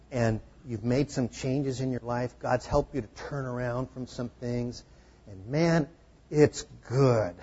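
A man preaching a sermon to a congregation, explaining scripture in a conversational, gently humorous way. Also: medium pitch, husky, dull audio. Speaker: pastor. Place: room with a congregation.

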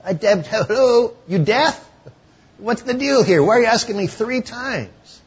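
Brief: incredulous grown fisherman, done by a male preacher, raised high and loud, husky tone. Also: expressive, measured pace, muffled recording, full character voice. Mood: exasperated.

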